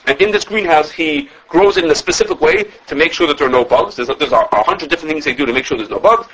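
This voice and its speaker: A man's voice: a little high, sing-song, fast, hardly any pauses, fairly bright tone, husky, low-quality recording. A man teaching a classroom Talmud lesson. He explains animatedly, restarting phrases and checking in with the students. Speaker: Torah teacher.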